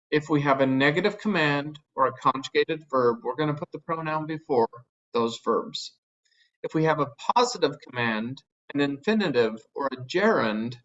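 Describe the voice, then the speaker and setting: A man's voice: on the high side, a bit bright, lo-fi sound. A man teaching a grammar lesson, explaining patiently step by step with frequent fillers. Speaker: Spanish teacher. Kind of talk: recorded grammar lecture.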